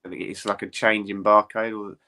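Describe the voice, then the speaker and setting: A man chatting casually about football as a panelist, quick and chatty, often tagging on questions like a regular. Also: lowish voice, flat delivery, pushed and bright. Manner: quick, chatty, asks for agreement with tag questions.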